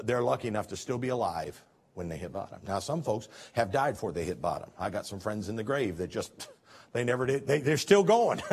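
A man preaching a sermon as pastor, folksy and conversational, swinging between emphatic lines and soft, hushed ones. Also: medium pitch, breathy edge. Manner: folksy, conversational, with chuckles and restarts.

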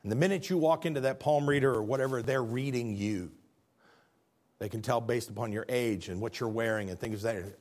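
A man preaching a sermon as pastor, in a lively, conversational way, acting out the people he quotes. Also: mid-range voice, fairly quick. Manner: animated, conversational preaching that acts out quoted figures.

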